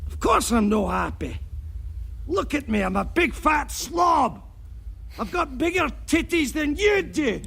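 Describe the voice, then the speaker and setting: A crude film henchman: gravelly, slow and swooping, film score underneath. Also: very high voice, sing-song, fairly bright tone, exaggerated voice. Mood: boastful gross. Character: crude obese Scottish henchman, brash and boastful.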